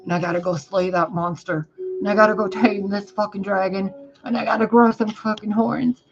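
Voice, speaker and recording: A man's voice: sits high, steady tone, moderate pace, gravelly, a crowd in the background, pitched above the performer's own voice. A man voicing a dithering, proud emperor who panics and squeals. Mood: blustering. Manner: frantic, whiny, escalating to squeals. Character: anxious man, a dithering emperor stuck in macho pride. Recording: muffled, with music behind.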